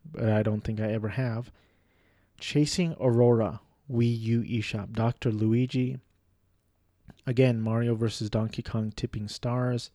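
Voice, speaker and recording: A young man rambles through a list of video games, unhurried and easygoing, with a mellow, darkish tone. He stumbles and restarts often and pokes fun at himself. The sound is dry and close, with no room around it. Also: medium pitch, no room sound. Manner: rambling, self-deprecating, many fillers and restarts. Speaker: video game vlogger. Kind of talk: casual monologue listing games.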